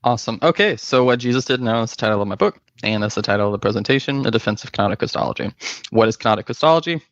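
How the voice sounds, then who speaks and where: A man presenting his book's argument in a casual academic style, talking fast with many fillers and restarts over a video call. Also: mid-range voice, expressive, no echo, lo-fi sound. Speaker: guest presenter, author.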